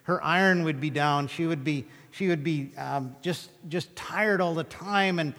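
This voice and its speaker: A man preaching a sermon, telling Bible stories with animated, acted-out retellings of the scenes. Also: fairly high pitch, measured pace, big-room sound. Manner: animated storytelling, acting out scripture scenes. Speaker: pastor.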